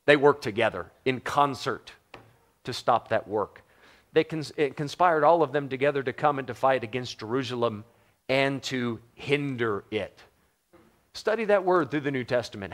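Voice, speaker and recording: A middle-aged man from the United States preaching a sermon in a conversational, joking way, often putting questions to the congregation. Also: mid-range voice. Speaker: pastor.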